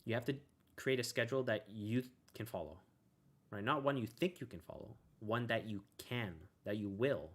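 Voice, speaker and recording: A man's voice: lowish voice, normal speed, a bit bright. A man giving a casual motivational talk as a self-help video host, rambling and checking in with "right?" after nearly every point, with a laid-back manner and now and then a "bro" or a curse. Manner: rambling, keeps asking "right?".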